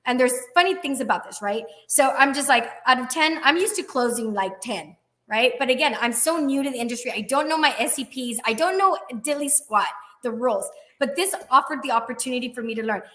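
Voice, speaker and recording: Animated woman telling a personal story. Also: high-pitched, a little fast. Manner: animated, acts out quoted dialogue, laughs often. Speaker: guest, insurance agent.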